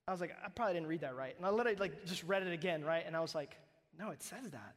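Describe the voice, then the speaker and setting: A man's voice: high-pitched, quick pace. A man preaching a sermon as pastor, conversational and emphatic, often asking "right?" as he talks. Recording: reverberant hall.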